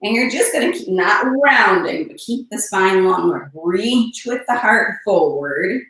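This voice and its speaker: A woman teaching a one-on-one yoga session, cueing poses and breathing with calm, unhurried instruction and soft breathy asides. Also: mid-range voice, distant mic. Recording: echoey room, voice a bit off-mic.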